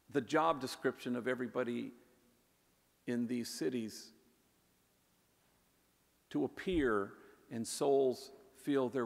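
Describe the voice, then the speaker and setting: A man, a priest, telling stories in a warm conversational way in a public talk, sprinkling in Spanish words. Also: medium pitch, creaky. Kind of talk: storytelling speech. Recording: echoey hall with long reverb.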